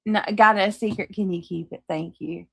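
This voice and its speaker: A woman's voice: medium pitch, steady tone, moderate pace, vocal fry, a bit bright, slightly rough, no room sound. A woman with a Southern accent hosting a live stream, chatting casually with viewers and swearing freely. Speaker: livestream host. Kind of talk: casual live chat reading comments.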